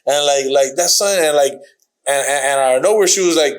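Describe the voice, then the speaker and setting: A man's voice: on the high side, a little fast, poor audio. Rambling young man telling a story. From Miami. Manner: rambling, repeats himself, slangy. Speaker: guest fighter. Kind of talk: casual storytelling.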